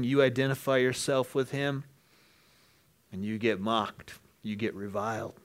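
A man preaching an earnest sermon, dropping to hushed lines and then rising to loud, emphatic ones. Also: mid-range voice. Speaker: pastor.

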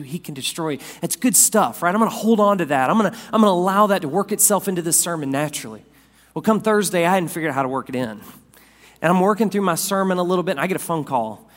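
A man preaching a sermon as pastor, swinging from loud, raised lines down to quiet, soft ones. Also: fairly high pitch. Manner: dynamic preacher, rising loud then dropping soft. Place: church sanctuary. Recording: long hall reverb.

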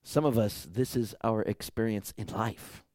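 A man preaching a sermon as pastor, emphatic, swinging from quiet lines to loud bursts. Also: fairly low pitch, measured pace, no echo, clean studio sound.

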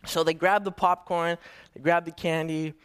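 Young man, first-time preacher, fairly high voice, casual storytelling, nervous restarts. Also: flat delivery, moderate pace, fairly bright tone, smooth. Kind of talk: storytelling sermon.

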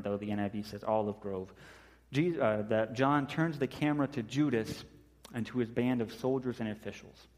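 A male pastor delivers a sermon, moving from scripture reading into lively storytelling. He acts out the quotes he tells. His mid-pitched voice carries a long reverb, as if heard in a large church hall.

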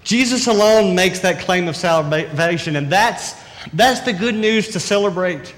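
A man with a high voice preaches a sermon, talking to the congregation as if in conversation and pressing his points with repeated questions. The long reverb of a church hall hangs on every phrase. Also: lively intonation, a little slow, a bit bright. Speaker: pastor.

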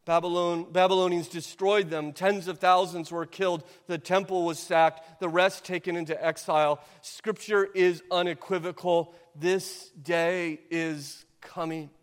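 A pastor delivers an earnest, urgent sermon, pressing his listeners with rhetorical questions. His man's voice sits a bit high. A long reverb from the church hall trails each phrase. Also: fairly even intonation, measured pace, hardly any pauses, smooth.

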